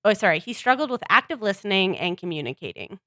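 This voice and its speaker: A woman's voice: mid-range voice, sing-song, fast, sharp tone, no room sound, clean studio sound. A woman co-hosting a casual chat podcast, recapping events conversationally with fillers. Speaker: podcast co-host.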